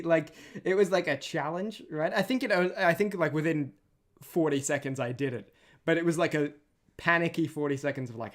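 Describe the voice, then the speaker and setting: A man's voice: fairly high pitch, a little fast. Tired guy chatting on his stream, rambly, keeps restarting sentences. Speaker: streamer and voice animator. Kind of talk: casual stream chat.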